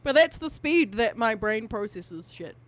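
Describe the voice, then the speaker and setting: A woman's voice: on the high side, lively intonation, a little slow. A woman co-hosting a casual podcast, rambling, swearing freely and using lots of fillers. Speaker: podcast co-host.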